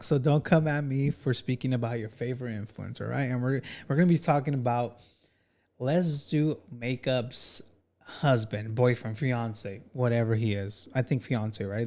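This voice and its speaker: A man hosting a casual reaction commentary, animated and talking straight to his chat. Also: medium pitch, moderate pace. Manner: animated, talks to chat, says "bro" often. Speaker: commentary channel host.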